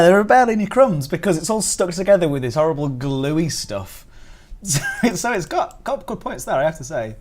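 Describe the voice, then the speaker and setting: A man's voice: on the high side, sing-song, normal speed, a little mellow. A man streaming live and reviewing biscuits in casual chat. He is giddy and laughs often between words.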